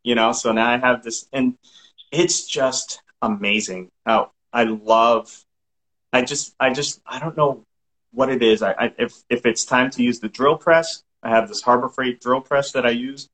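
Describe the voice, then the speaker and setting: A man's voice: medium pitch, fairly even intonation, measured pace, a bit bright, rough recording. A middle-aged man from Massachusetts with a light Massachusetts accent, a guest chatting casually and laughing often. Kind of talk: casual podcast chat.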